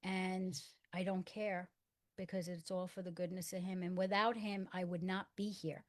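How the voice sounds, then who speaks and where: A middle-aged woman telling a personal story in conversation, acting out the dialogue and dropping to a hush for quoted lines. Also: fairly low pitch, little pitch movement, moderate pace. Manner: earnest storyteller acting out dialogue in hushed tones. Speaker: guest.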